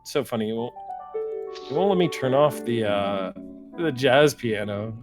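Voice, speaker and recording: A man's voice: mid-range voice, lively intonation, normal speed, music in the background. A man narrating and running a tabletop game as game master on a live stream, in a laid-back, rambling manner.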